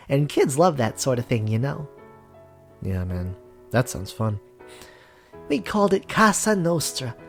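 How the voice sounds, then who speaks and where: A man's voice: on the high side, creaky, darkish tone. A man voicing an earnest young man, heir to a crime family, recalling childhood in a visual novel reading. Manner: earnest storytelling.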